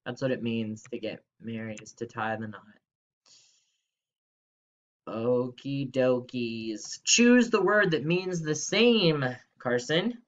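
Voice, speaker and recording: A man's voice: on the high side, sharp tone, muffled recording. Upbeat man teaching third grade online. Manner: upbeat, playful, exclamatory. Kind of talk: recorded remote grammar lesson.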